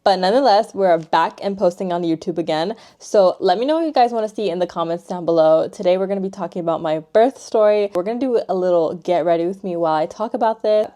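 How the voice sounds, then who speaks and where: A woman's voice: fairly low pitch, fast, few pauses. A young woman vlogger telling a personal story in a casual get-ready-with-me video, chatty, emotional and full of fillers. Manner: chatty, filler-heavy, says "like" and "you guys" constantly; emotional and animated retelling.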